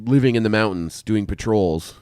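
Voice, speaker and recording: A man's voice: fairly low pitch, normal speed, darkish tone, clear, resonant tone, dry recording, studio quality. A Canadian man hosting a podcast, telling rambling, profane stories in casual chat, drifting into asides. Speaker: podcast host.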